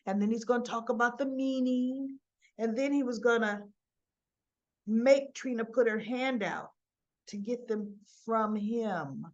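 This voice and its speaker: A woman's voice: a little high, unhurried, a little mellow, muffled recording. Chatty woman recapping soap scenes. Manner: chatty, retells scenes with quoted dialogue and asides. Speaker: soap opera reviewer. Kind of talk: casual recap chat.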